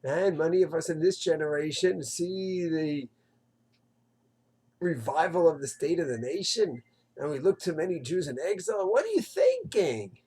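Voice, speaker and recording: A man's voice: on the high side, normal speed, slightly rough. A man giving a short, impassioned Torah talk, asking rhetorical questions and mimicking others. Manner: rhetorical, animated, swings into mocking quoted voices. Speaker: Torah teacher. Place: Israel.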